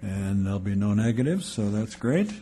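A man chairing a city committee meeting, briskly reading agenda items and calling votes. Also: on the low side, lively intonation, mellow. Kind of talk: formal meeting procedure.

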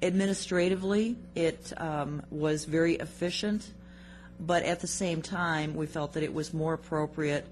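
A city staff member explaining a policy change to a committee, measured and full of ums and uhs. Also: medium pitch, steady tone, a little hiss or hum.

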